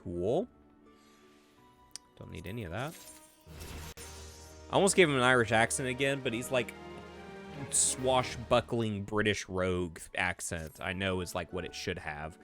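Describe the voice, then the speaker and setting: A man's voice: on the low side, lively intonation, a little slow, pauses often, a bit bright, faint music behind. A man streaming a game playthrough, chatting in casual, upbeat asides.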